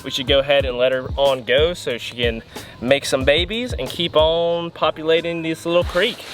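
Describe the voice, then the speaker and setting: A young man hosting an outdoor fishing vlog by a small creek, excitable and quick to laugh, calling out catches as they happen. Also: fairly high pitch, music in the background. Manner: excitable, laughs often, says dude. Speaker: fishing channel host.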